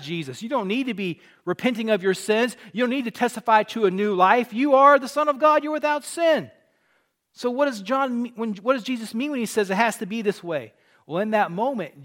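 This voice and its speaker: Man, preacher, sermon, high-pitched, earnest teaching, emphatic peaks. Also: a bit bright. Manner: rising to emphatic peaks on key points.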